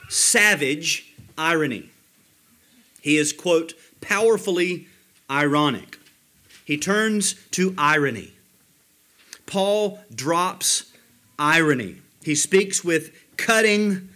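A man preaching a sermon as pastor, slowing down to stress key words and quoting commentators. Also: a little high, fairly bright tone. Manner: emphatic, slows down to stress words, quotes commentators.

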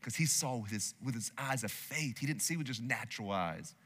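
A male pastor preaching a sermon in a church sanctuary, emphatic, swinging between loud declarations and hushed asides. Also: mid-range voice, animated, a little fast, husky. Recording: long hall reverb.

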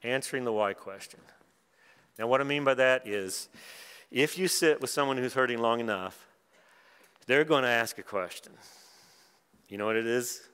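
A middle-aged man delivers a conference sermon in a relaxed, conversational way and drops in wry asides. His voice sits in a middle register. A long hall reverb trails each phrase. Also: medium pitch, normal speed, pauses often, smooth. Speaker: preacher.

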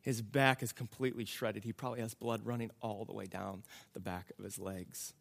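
A man preaching a sermon, reading scripture and explaining it in a slow, dramatic way that builds to emphatic outbursts. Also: on the low side, steady tone, vocal fry, fairly bright tone. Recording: long hall reverb.

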